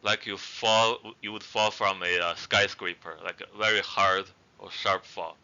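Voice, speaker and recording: Slow, bright-toned man teaching a language. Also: deep voice, fairly even intonation. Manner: models each word twice, then explains it. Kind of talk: slow spoken language lesson. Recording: dull lo-fi recording.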